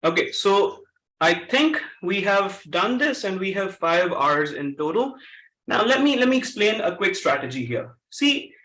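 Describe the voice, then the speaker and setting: A man runs a lively pronunciation workshop and keeps quizzing the audience. His voice sits high and bright, and it rings around an echoey meeting room. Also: unhurried. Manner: energetic, coaxes the audience with questions. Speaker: speaker at a public-speaking club.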